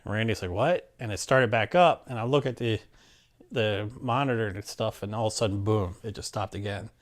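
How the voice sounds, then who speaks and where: A man telling a personal story in a casual, animated way, with many fillers and restarts and acted-out quotes. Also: fairly low pitch, fairly quick. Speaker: interviewee telling his story.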